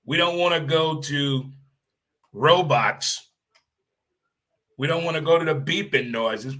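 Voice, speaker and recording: A man hosting his own podcast, ranting in an animated, blunt way and repeating phrases for emphasis. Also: on the high side, slow, long pauses. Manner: blunt, occasional swearing. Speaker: podcast host. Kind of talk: solo opinion rant.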